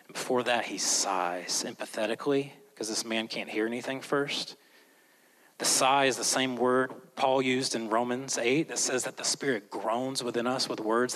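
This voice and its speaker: A man preaching a sermon as a pastor, swinging between loud, emphatic lines and hushed, slow ones. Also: mid-range voice, poor audio. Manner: slows down and whispers for emphasis.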